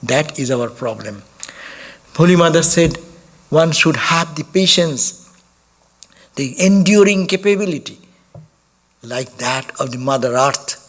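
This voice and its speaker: A man giving a sermon as a monk, speaking haltingly, with soft laughs while he tells stories. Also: a little high, lively intonation. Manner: halting, repeats and restarts words while explaining.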